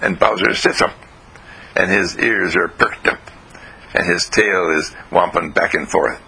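Gravelly-voiced man telling a children's story. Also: sits low, low-quality recording. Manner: gentle, slow, lively storytelling with throat clearing.

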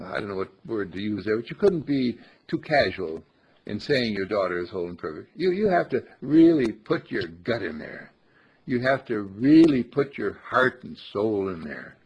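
Speaking to a small group about spirituality, this man uses a lowish, gravelly and husky voice with big swings in pitch. He is slow and emphatic and repeats phrases almost like a chant. The recording is dull and lo-fi.

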